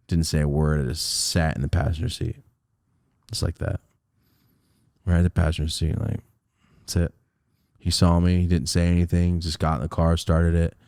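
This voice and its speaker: A young man on a podcast telling a story about his youth, swearing a lot and laughing often, swinging from loud excited outbursts to quiet mutters. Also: low voice, no room sound, clean studio sound. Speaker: podcast co-host. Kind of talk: animated storytelling.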